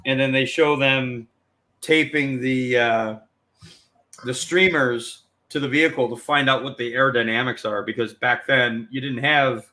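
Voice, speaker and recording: A man's voice: medium pitch, sharp tone. A man co-hosting a podcast in casual chat, explaining things and often chiming in with brief agreement.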